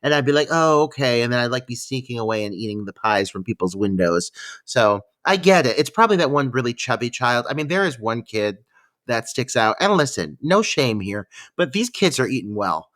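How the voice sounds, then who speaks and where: A man's voice: mid-range voice, animated, brisk, fairly bright tone. A man co-hosting a film podcast, joking and self-deprecating in casual chat. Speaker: podcast co-host.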